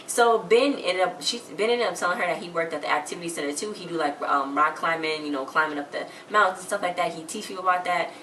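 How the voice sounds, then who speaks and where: A woman's voice: fairly low pitch, fast talker, hardly any pauses, a bit bright, echoey room, far from the mic, a little hiss or hum, low-quality recording. A woman chatting casually as she recaps a TV episode, retelling scenes with quoted lines.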